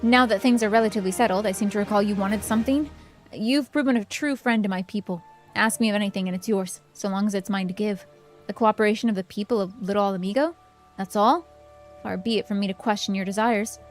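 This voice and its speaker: Woman reading gruff rebel captain guy, bossy and protective, game music under it. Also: medium pitch, fast, lightly acted. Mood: stern. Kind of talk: reading game dialogue aloud.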